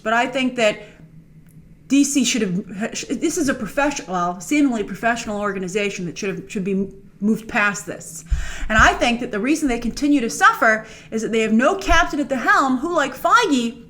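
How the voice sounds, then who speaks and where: A woman hosting a movie news channel, giving opinionated, emphatic commentary to camera. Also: a little high. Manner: animated, emphatic, critical. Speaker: host.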